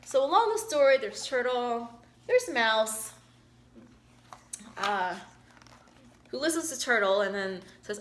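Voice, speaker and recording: A woman's voice: on the high side, expressive, slow, pauses often, a little hiss or hum. A woman, a doctor and mother, reading a picture book aloud and chatting about it in an encouraging manner. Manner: chatty, warm, encouraging, many fillers. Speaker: physician reading to children.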